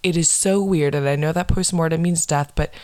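A young woman with a low voice rants bluntly on her own podcast, swearing freely and laying on the sarcasm. The sound is close and dry, with no room around it. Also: fairly even intonation, fairly quick, darkish tone, no echo. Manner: blunt, profane, sarcastic ranting. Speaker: podcast host. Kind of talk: casual solo podcast rant.

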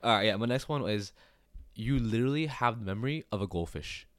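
A young man co-hosting a podcast, talking quickly in a casual, teasing chat and laughing often. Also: lowish voice, a bit bright, no echo. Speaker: podcast co-host.

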